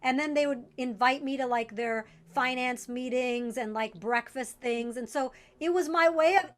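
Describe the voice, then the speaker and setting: A woman comedian on a talk show panel, telling stories about herself in a quick, self-mocking way. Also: high-pitched. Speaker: comedian co-host. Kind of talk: casual panel chat.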